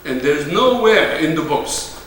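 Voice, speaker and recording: A man in his seventies with an Armenian accent, giving a live lecture with slow, deliberate phrasing and hesitations. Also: fairly high pitch, sing-song, a bit bright, slight background noise. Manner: slow, deliberate delivery with fillers, sometimes sings phrases. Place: large lecture hall. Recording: echoey hall, mic far off.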